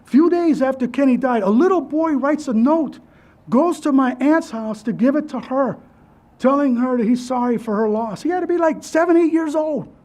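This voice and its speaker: Man, keynote speaker at a memorial, high voice, earnest and halting, restarts often. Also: a little mellow. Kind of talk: personal memorial speech.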